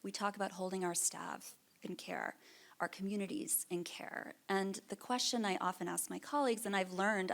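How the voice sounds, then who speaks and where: A middle-aged woman speaks from a lecture stage at a conference keynote, her voice sitting low with a gravelly fry at the ends of phrases. She talks in an earnest, reflective way, pausing on ums and restarting her sentences as she thinks aloud. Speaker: museum curator giving a keynote. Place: lecture stage at an art fair.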